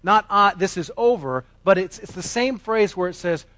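A man preaching a sermon, emphatic, moving between loud declarations and quiet asides. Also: high-pitched, lively intonation, normal speed, no echo. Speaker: pastor.

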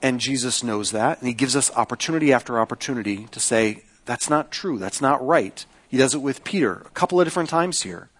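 A man's voice: medium pitch, animated, a little fast, hardly any pauses, a bit bright. A man preaching a sermon in a conversational way, often checking in with listeners by asking "right?". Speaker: pastor.

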